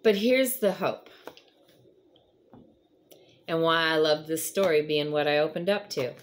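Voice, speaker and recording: Woman host, casual faith chat, slightly low voice, earnest, lots of fillers. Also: measured pace. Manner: conversational, rambling with frequent fillers; earnest, encouraging. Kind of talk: casual devotional talk.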